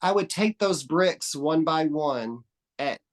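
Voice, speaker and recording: A man's voice: a little high, expressive, slow. A man from Texas, a podcast guest in a casual conversation who tells meandering stories with frequent restarts and casual swearing. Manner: rambling storyteller, restarts and trails off often.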